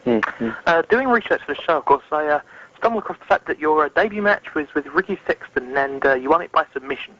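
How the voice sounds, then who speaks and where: A male podcast host reads listener questions with a slightly raised pitch, halting on fillers between phrases. His voice comes through muffled and lo-fi. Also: lively intonation, a bit bright. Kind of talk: interview questions.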